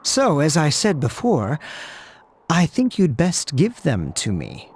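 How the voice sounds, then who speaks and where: A cold, formal knight. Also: male voice, a little high, wildly swooping pitch, a little hiss or hum, exaggerated voice. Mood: aloof. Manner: formal, measured, aloof. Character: cold, proud young knight, secretive. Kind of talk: video game voice acting.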